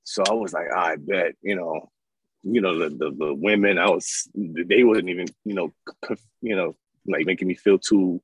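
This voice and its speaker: A man in his thirties from New York, telling his life story as an interview guest in an animated, casual way. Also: low-pitched, moderate pace, breathy edge, no room sound, rough recording. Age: 30s. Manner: animated, acts out voices in his stories.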